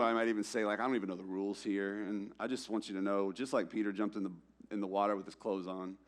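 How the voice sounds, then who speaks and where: A young pastor with a mid-range voice preaches a sermon in a church in a casual, conversational way. He acts out quotes using slang and swings between loud, emphatic lines and hushed ones.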